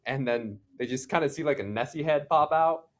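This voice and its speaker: A man's voice: mid-range voice, brisk. A man chatting as a guest commentator, telling a story in an easygoing way. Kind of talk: casual chat.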